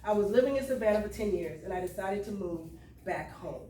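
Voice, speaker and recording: A woman's voice: mid-range voice, expressive, brisk, mellow. Woman telling her story in an echoey hall. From US Lowcountry (South Carolina). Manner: emotional, conversational Southern storytelling with call to the crowd. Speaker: storyteller speaking at a cultural event. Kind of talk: personal testimony to a live audience. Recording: roomy sound from far off, faint room noise.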